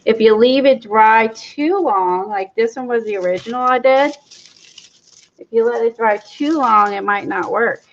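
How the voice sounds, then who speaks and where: A chatty woman talks her viewers through a craft project, excitable and quick to gush. Her voice sits a bit high. The stream audio is dull and lo-fi. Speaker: craft livestream host. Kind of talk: casual livestream demo chat.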